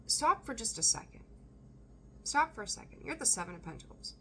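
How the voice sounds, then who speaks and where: A woman reading tarot for her viewers, emphatic and animated, repeating phrases for emphasis and swearing now and then. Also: on the low side, slight background noise. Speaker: tarot reader. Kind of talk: intuitive tarot reading to camera.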